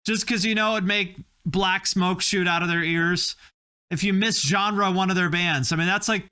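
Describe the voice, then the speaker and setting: Bright, high-voiced wry male host. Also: fairly even intonation, moderate pace, smooth. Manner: opinionated, wry, self-mocking. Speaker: host reacting to video clips. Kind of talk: casual reaction commentary.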